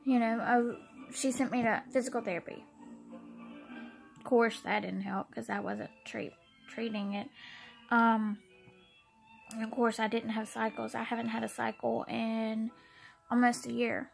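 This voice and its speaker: Young woman, near tears, halting and repetitive, raspy fry, faint background music. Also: on the high side, flat delivery, rough recording. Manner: tearful, halting, repeats words. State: close to tears. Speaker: vlogger. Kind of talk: emotional personal vlog.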